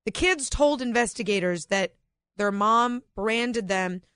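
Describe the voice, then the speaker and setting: Female radio co-host, higher voice, dry studio sound, chatty, laughs a lot. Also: expressive, a little slow, fairly bright tone, smooth, no room sound. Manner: laughs often, bantering. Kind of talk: casual talk radio chat.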